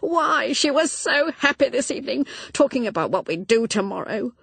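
A woman's voice: high voice, slow pace, no room sound, voice pushed up. A woman voicing a grief-stricken young husband, crying out in anguish.

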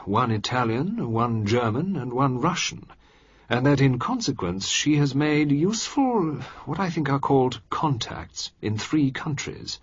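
A man's voice: medium pitch, slightly rough, no room sound, pitched above the performer's own voice. A man voicing a shrewd, composed older male government minister in a story reading, speaking with careful deliberation. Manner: deliberate, measured. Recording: dry, slightly dull recording.

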